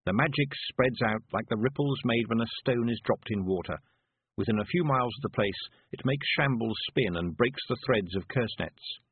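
A man narrating an audiobook in a measured, wry manner. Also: mid-range voice, slightly rough, dry recording. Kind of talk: scripted narration. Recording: dry tinny phone-like audio.

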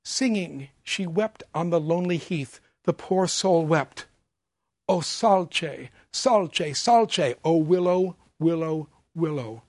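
A man's voice: on the high side, slow pace, no echo. A man reading as a weary, sorrowful young heroine. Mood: mournful. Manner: quiet weary monotone.

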